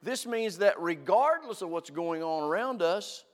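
A man preaching with a fairly high voice, leaning hard on key words and repeating them for weight. His voice rings out with a long, lingering reverb, as if carried through a large church sanctuary. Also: lively intonation, measured pace, hardly any pauses. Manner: earnest, emphatic, repeats phrases for stress. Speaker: pastor. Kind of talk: sermon.

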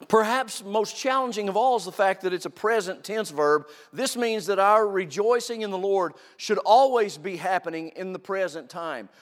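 Earnest preacher man in a reverberant hall. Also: high-pitched. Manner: earnest, emphatic, repeats phrases for stress. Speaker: pastor. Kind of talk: sermon. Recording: long reverb of a large hall.

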